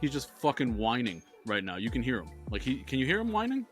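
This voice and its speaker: A man's voice: mid-range voice, wildly swooping pitch, quick pace, faint music behind. A man co-hosting a podcast, telling rambling stories in casual chat and swearing freely. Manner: profane, rambling storyteller. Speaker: podcast co-host.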